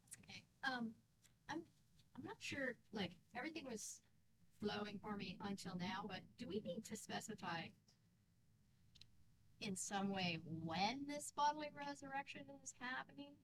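A woman's voice: on the high side, sing-song, normal speed, a bit bright, slight background noise, rough recording. Tentative woman asking questions. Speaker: group member. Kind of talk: casual group discussion.

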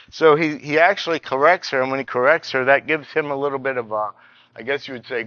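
A man teaching a Bible study lesson, halting and restarting often and reading scripture passages aloud. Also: medium pitch, no echo, muffled recording.

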